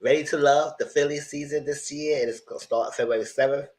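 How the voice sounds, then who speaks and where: A man giving casual, animated commentary on reality TV, voice only, speaking straight to his viewers in slangy talk. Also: fairly high pitch, a little fast, rough recording. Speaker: TV review host. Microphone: voice only, no camera.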